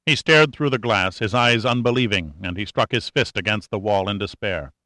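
A man narrating an audiobook thriller in a steady, tense storytelling manner. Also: on the low side, normal speed, no echo, studio quality. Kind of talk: scripted narration.

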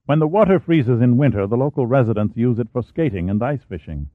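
A man's voice: medium pitch, lively intonation, fairly quick, dry recording, natural voice. A man voicing a friendly, chatty American historian. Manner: genial, chatty. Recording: dry, tinny phone-like sound.

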